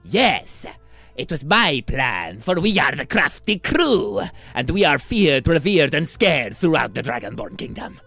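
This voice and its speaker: A man's voice: on the high side, sing-song, a little slow, creaky, hardly any pauses, pushed and bright, no echo, faint music behind, pitched above the performer's own voice, full character voice. A man voicing a small kobold gang leader who boasts grandly about his crew. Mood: boastful. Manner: proud, declamatory.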